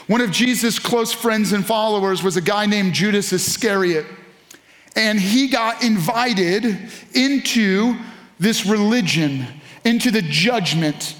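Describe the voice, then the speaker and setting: A man's voice: sits high, fairly bright tone, roomy sound. A man preaching a sermon to a congregation, reading scripture aloud and speaking to the listeners directly. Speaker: pastor.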